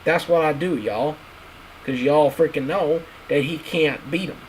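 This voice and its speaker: A man's voice: fairly high pitch, unhurried, a little hiss or hum, rough recording. A man streaming, ranting bluntly and crudely in a casual, repetitive way.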